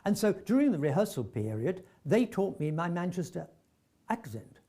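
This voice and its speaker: Here a veteran actor, an older North Londoner, reminisces about his career through anecdotes. The voice is husky and high-pitched at a normal speed, and he performs the dialogue with animation while often stammering into fresh starts.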